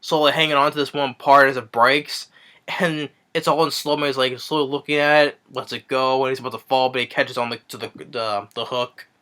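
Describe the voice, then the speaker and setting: Bright-voiced man rambling through a movie recap. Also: mid-range voice, fairly even intonation, a little fast. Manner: rambling, eager retelling with many restarts and fillers. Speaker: movie reviewer. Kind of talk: casual spoken movie review.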